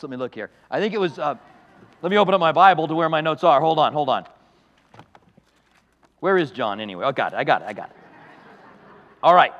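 A man's voice: a little high, a bit bright, big-room sound, dull audio. A man preaching a sermon as a pastor, emphatic and conversational, with asides to the congregation. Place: church sanctuary.

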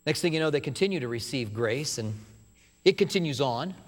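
A man preaching a sermon, retelling a story with animated asides and acting out what people say. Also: on the high side, a little fast, in a large hall. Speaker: pastor.

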